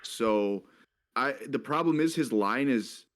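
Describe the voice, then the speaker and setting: A man hosting a podcast in a casual sports betting chat, brisk and keeping the talk moving. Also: mid-range voice, expressive, fairly bright tone. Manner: brisk, moves the discussion along. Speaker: host.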